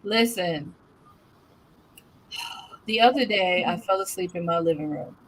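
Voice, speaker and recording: A woman hosting a casual chat, telling stories animatedly with loud, cursing rants. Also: lowish voice, a little slow, a little hiss or hum, low-quality recording. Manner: animated storyteller, curses herself out in loud acted rants. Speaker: host.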